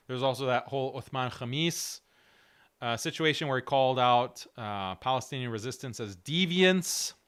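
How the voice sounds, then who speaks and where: This male livestream host answers his chat with earnest directness and a slight halting quality. His strained voice cracks at times; it's mid-range, a bit bright and smooth.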